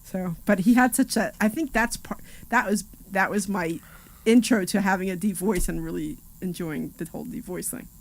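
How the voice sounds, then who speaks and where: A woman's voice: mid-range voice, normal speed. Chatty woman radio co-host. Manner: rambling storyteller, laughs often, lots of "you know" and "like". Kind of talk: casual radio chat.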